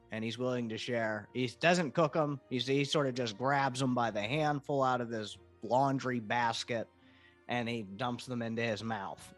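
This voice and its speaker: A man narrating as game master, quick and casual, swearing and laughing. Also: mid-range voice.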